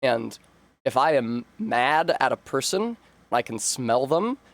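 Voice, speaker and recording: A man's voice: medium pitch, sing-song, takes it slowly, vocal fry. Rambling, chatty man streaming a game. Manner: rambling, chatty, full of fillers and self-interruptions. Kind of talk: casual chat while live-streaming a game.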